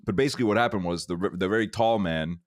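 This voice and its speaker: A young man co-hosting a podcast in casual chat, relaxed, laughing easily and adding chatty asides. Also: on the low side, fast talker, dry recording, clean studio sound. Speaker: podcast co-host.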